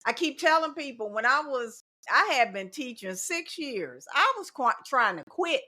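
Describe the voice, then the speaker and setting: A middle-aged woman talks in a relaxed podcast chat. Her voice is bright and sits a little high. She speaks with emphasis and comes back to the same phrases to drive her points home. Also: moderate pace. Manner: emphatic, repeats key phrases. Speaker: teacher and guest. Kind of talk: casual podcast conversation.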